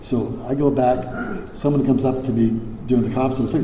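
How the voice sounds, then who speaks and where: Older man, from Hawaii, recovery convention speaker, rambling with fillers, mellow tone, long hall reverb. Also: mid-range voice, fairly even intonation, a little fast, few pauses, slight background noise. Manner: rambling, many fillers and restarts, salty language. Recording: echoey hall, faint ambience.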